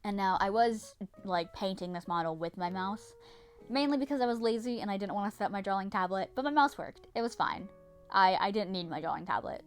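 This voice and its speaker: A woman's voice: mid-range voice, fairly quick, faint music behind. A young woman narrating her vlog in a casual, dramatic way, swearing and repeating herself often. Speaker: vlogger.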